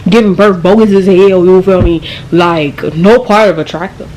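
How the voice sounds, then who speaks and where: A young woman telling her story straight to camera in loose, slangy talk full of swearing. She's animated and keeps the tale rolling, with a faint hiss behind her. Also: on the low side, moderate pace. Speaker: vlogger. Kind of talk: casual storytime.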